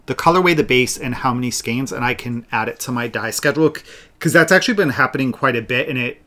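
A man with a mid-range voice co-hosts a friendly craft podcast. He explains things in an easy, unhurried way. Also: medium pitch. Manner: relaxed and explanatory. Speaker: podcast co-host and yarn dyer. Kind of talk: casual podcast chat.

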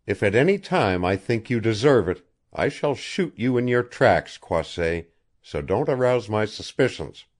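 A man's voice: lowish voice, big pitch swings, unhurried, pitched above the performer's own voice. A man playing a cocky young engineer. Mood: threatening. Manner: decisive, mocking, daring. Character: bold young male engineer, reckless and cocky.

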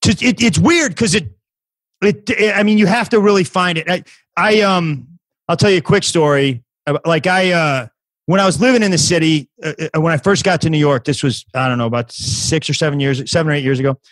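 A man's voice: a little high, brisk, fairly bright tone, dry recording, poor audio. A man in his fifties, a comedian guest on a podcast, telling a story in casual chat with many restarts and false starts. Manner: rambling with many restarts and acted quotes.

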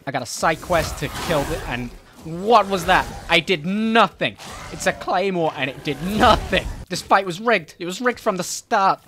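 A man giving joking, excitable commentary while playing a game, often shouting at enemies. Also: high voice, moderate pace, a little hiss or hum. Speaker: gaming YouTuber. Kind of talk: comedic let's-play commentary.

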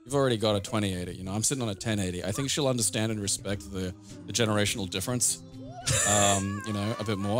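A man's voice: fairly low pitch, fast, over music. A man co-hosting a let's play, chatting casually in a teasing, sarcastic way and swearing freely. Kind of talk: casual gameplay banter.

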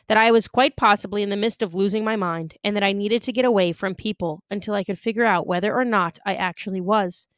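A woman reading a novel aloud with expressive storytelling. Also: medium pitch, dry recording. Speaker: audiobook reader.

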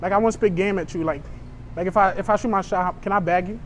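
A man's voice: sits high, fast talker, slight background noise. A young man chatting brashly to strangers in a store, joking and provoking as a prank vlogger. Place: inside a store.

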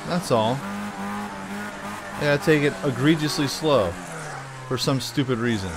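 A man's voice: fairly high pitch, slow, vocal fry, noisy background. A man hosting a casual let's-play, joking and grumbling at the game while he plays, with the hiccups. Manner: animated, joking, talks back to the game. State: has the hiccups. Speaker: gaming channel host.

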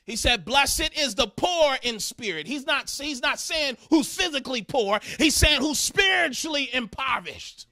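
A male pastor preaching a sermon with fervent energy, shouting and half-singing some lines and dropping to a murmur when finding Bible verses. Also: very high-pitched, expressive, moderate pace, hardly any pauses, no echo.

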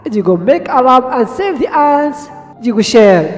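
Man narrating a cartoon summary, Arabic native, very high voice, echoey with faint music. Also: expressive, moderate pace, a little mellow. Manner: simple non-native English, storytelling. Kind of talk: retelling a cartoon episode.

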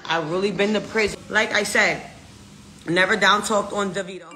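A woman's voice: mid-range voice, steady tone, normal speed, pushed and bright, reverberant, soft background music. A young American woman ranting in a brash, profane, defiant way, repeating herself as she talks. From United States. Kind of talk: casual rant.

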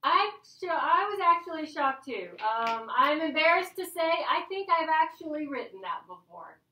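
A woman's voice: high voice, big pitch swings, normal speed, bright, forceful tone, slight background noise. A woman teacher giving a playful, chatty grammar lesson to her class. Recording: echoey classroom from a distance.

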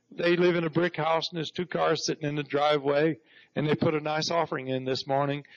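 A middle-aged man preaching a sermon, telling stories and breaking into repeated praise. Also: fairly high pitch. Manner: storytelling preacher, repeats "Praise God" with rising fervor. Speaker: pastor. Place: church sanctuary. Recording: dull lo-fi 1991 church recording.

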